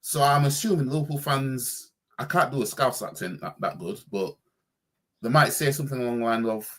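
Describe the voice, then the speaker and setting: A man's voice: mid-range voice, a little fast, a bit bright. A man reacting casually on a stream as a football fan, with a slangy, stumbling way of talking.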